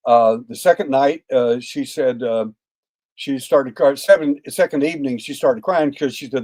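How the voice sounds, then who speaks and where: A man's voice: mid-range voice, moderate pace, darkish tone. An older man in his sixties, telling a story as a podcast guest. He speaks in a folksy, rambling way, with plenty of "uh" fillers, and acts out the lines of the people in it. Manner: folksy, acts out quoted dialogue, frequent "uh" fillers. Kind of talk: anecdotal storytelling.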